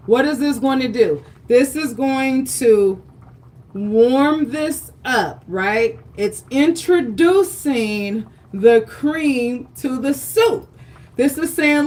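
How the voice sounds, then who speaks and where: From her home kitchen, a woman hosts a livestreamed cooking demonstration, talking slowly in a high, animated voice with a darkish tone. She stays chatty and encouraging and checks in with her viewers often.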